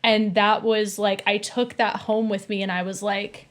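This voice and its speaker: A woman in her twenties, a podcast guest, telling a story in casual chat, animated, laughing often and acting out the people she quotes. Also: mid-range voice, a little slow, few pauses.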